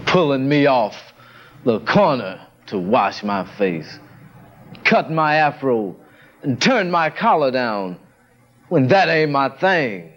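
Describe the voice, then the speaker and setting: A man's voice: mid-range voice, very animated, slow, a bit bright. A man reciting spoken word poetry with a dramatic delivery that swells and drops. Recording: dull lo-fi vintage recording.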